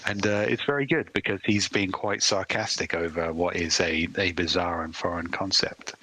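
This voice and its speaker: A man's voice: sits low, normal speed, bright, forceful tone, breathy edge, rough recording. A man co-hosting a podcast, chatting casually in a wry, rambling way with lots of hesitations. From England. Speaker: podcast co-host. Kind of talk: casual chat.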